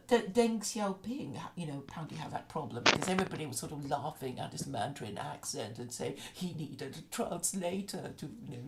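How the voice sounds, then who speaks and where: Woman, casual conversation, opinionated, chatty, lowish pitch, faint background hiss. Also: a little mellow. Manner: opinionated, chatty, frequent restarts and laughs.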